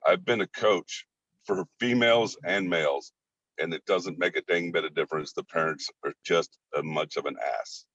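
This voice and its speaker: Blunt ex-coach on a video call, very low voice, muffled and dry. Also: male voice, normal speed, fairly bright tone, no room sound. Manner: blunt, forthright storyteller. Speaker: course participant, former coach. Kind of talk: casual video call discussion. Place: in a car. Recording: dull lo-fi video call audio.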